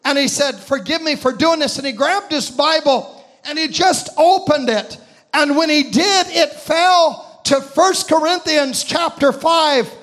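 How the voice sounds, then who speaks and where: A man preaches a sermon in a very high, ringing voice, building a story with impassioned shouts. He slows some phrases right down for weight.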